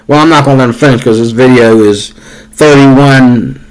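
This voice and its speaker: A man's voice: medium pitch, moderate pace, clear, resonant tone, rough recording. A man hosting a commentary channel, reacting heatedly to news clips in a casual, repetitive way. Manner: heated, repetitive, conversational with fillers.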